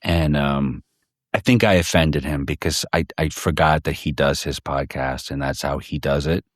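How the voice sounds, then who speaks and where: Podcast guest, male, deep voice, dry handheld-recorder sound, loose and profane, lots of restarts. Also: fairly even intonation, normal speed, no room sound. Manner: rambling, profane, many restarts. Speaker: podcast guest, fellow podcast host. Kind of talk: casual in-person chat. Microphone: handheld portable recorder.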